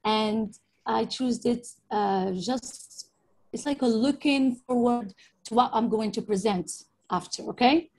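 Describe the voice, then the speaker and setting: A young woman walks listeners through her slides over a video call, chatty and friendly, often asking whether they follow. Her voice sits a little high and sounds breathy and soft-edged. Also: a little slow, rough recording. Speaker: presenter. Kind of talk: casual slide presentation.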